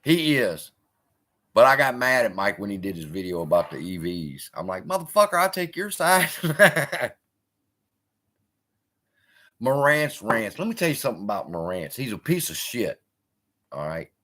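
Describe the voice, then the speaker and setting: A man hosts a live stream in a low voice at a moderate pace, chatting casually as he responds to viewers. His talk is animated and profane, full of swearing and heckling aimed at the chat.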